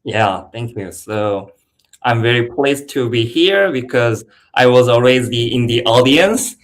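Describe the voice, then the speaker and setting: A man with a mid-range voice speaks slowly as a guest on a casual livestream. His phrasing is simple and modest. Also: medium pitch, expressive. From Korea. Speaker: guest engineer.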